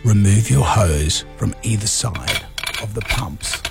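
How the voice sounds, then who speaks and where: A man putting on a mock-seductive voice to read engine repair steps slowly. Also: fairly low pitch, animated, music in the background, pitched below the performer's own voice, full character voice. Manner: slow, breathy mock-sultry delivery.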